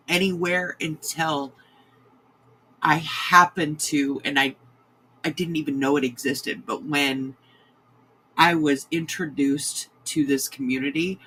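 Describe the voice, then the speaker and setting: A woman, a crochet host chatting to her livestream viewers in a sentimental, halting way. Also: low voice, bright, forceful tone, slightly rough, rough recording. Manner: sentimental, halting, many restarts. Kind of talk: casual livestream chat to viewers.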